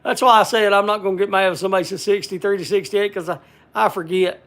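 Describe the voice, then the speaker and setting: A man's voice: sits high, steady tone, fast talker, a bit bright. An older man hosting a casual livestream, rambling in a folksy country way and answering viewer comments. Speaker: livestream host.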